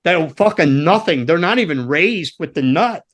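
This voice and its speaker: Animated, swearing man telling road stories. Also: a little high, moderate pace. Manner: animated, profane storyteller who acts out scenes. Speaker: guest, former roadie and guitar tech. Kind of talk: casual storytelling on a podcast.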